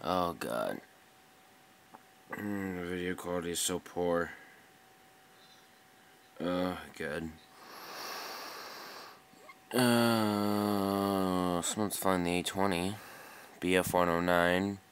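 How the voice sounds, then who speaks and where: A man's voice: sits low, drawn-out words, pauses often, slight background noise. A young man giving casual, frustrated commentary over a flight combat game, muttering and swearing at enemies. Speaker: gameplay commentator. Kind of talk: live gameplay commentary.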